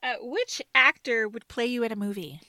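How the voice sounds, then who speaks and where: A woman co-hosting a podcast in casual chat, animated and teasing, giggling often. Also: a little high, moderate pace, no echo. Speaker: podcast co-host.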